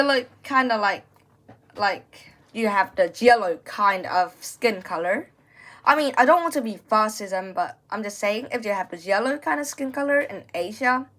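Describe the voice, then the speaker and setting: A woman's voice: medium pitch, a bit bright. A young woman from Vietnam talking to camera in a casual comedic vlog, rambling and often restarting sentences as she searches for words. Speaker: vlogger.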